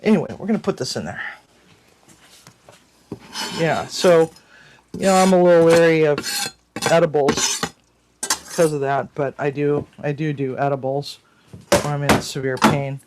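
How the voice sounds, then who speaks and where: Rambling storyteller host, mid-pitched voice. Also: fairly even intonation, measured pace, long pauses, noisy background. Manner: rambling, frequent restarts, mild cursing. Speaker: cooking channel host. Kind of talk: casual storytelling to viewers.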